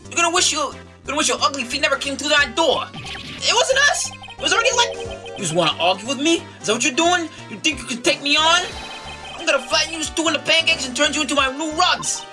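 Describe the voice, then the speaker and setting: A woman voicing a furious, gruff male mob boss who roars threats in a fan voice-over of a game. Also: sits high, animated, fast, pitched above the performer's own voice. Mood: raging. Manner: roaring, threatening, shouted. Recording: game music behind.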